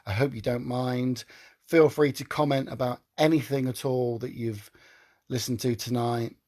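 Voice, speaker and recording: A man's voice: mid-range voice, fairly even intonation, normal speed, darkish tone. A man hosting his own live stream, talking earnestly and emotionally, often repeating himself as he pleads with viewers.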